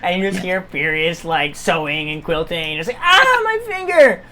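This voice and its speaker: A woman's voice: low-pitched, fairly even intonation, fairly quick, background noise. A woman narrating a tabletop game as game master in a chatty way, with many fillers.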